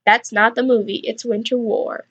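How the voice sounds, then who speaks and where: A teenage girl hosting a student radio show, reading slowly and tripping over the words, with self-mocking asides. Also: on the high side, level tone, lo-fi sound, background noise. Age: teens. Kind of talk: reading a script in mock Shakespearean English, with bloopers.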